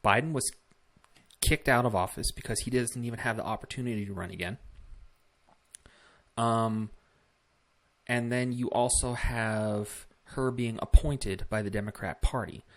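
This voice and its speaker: A man's voice: medium pitch, unhurried, long pauses, fairly bright tone. A man hosting a casual political commentary vlog, talking bluntly with swearing and rambling asides. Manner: blunt, profane, rambling with fillers.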